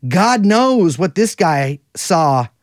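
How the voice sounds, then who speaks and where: A man's voice: high-pitched, big pitch swings, slow pace, no echo, studio quality. A man co-hosting a casual podcast, rambling and sardonic, wandering through digressions. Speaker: podcast co-host.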